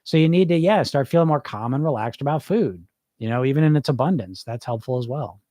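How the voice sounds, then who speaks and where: A man's voice: medium pitch, lively intonation, a little fast, warm tone, no room sound, studio quality. A middle-aged man who coaches weight loss, talking informally and bluntly on a podcast, asking his listeners rhetorical questions. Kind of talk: live podcast talk answering listeners.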